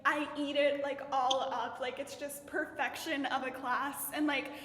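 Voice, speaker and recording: A woman's voice: high-pitched, little pitch movement, measured pace, fairly bright tone, a little hiss or hum. A young woman in college, chatting casually and telling a story in a bubbly way, with lots of "like". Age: young adult. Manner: bubbly storytelling, heavy use of "like". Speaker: college student vlogger. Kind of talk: casual chat. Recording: roomy echo with long reverb.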